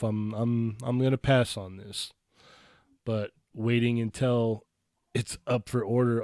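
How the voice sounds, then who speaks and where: A man co-hosting a live toy collecting podcast, relaxed and agreeable, with hesitant restarts and questions for the others. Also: medium pitch, moderate pace, dry recording, studio quality. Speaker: co-host of a toy collecting show. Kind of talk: casual live podcast chat.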